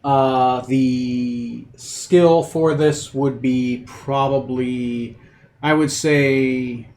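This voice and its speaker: A man's voice: mid-range voice, fairly even intonation, extremely slow, darkish tone. A man acting as game master for a tabletop game, narrating loosely with many fillers and restarts. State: has the hiccups.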